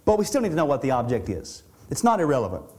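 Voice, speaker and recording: A man's voice: mid-range voice, huge pitch swings, fast talker, a little mellow. A middle-aged man preaching an expository sermon as pastor, earnest and conversational, often restarting and repeating words as he explains a passage.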